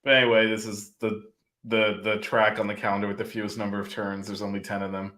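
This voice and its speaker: A man's voice: on the low side, level tone, fast, bright, forceful tone. Dry-witted male podcast co-host. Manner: dry teasing, chuckles often. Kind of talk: casual sports chat.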